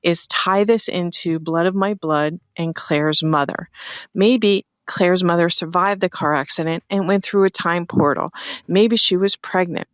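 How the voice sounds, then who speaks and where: A woman's voice: fairly low pitch, a little slow, a bit bright, smooth, no room sound. A woman from New Jersey leaving a friendly, chatty voicemail for a podcast. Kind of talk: recorded voicemail message.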